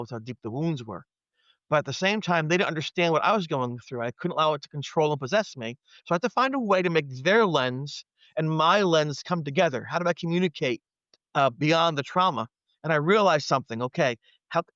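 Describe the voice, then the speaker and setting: A man's voice: medium pitch, fairly bright tone, no echo. Earnest man telling a vivid story. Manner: earnest, vivid retelling that acts out his own past thoughts. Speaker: podcast guest. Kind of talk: personal storytelling in conversation. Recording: dry, dull lo-fi audio.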